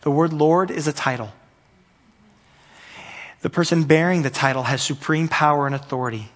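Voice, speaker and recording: A man's voice: fairly high pitch, moderate pace. Earnest male pastor preaching. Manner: earnest, repetitive, builds in intensity at peaks. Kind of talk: sermon.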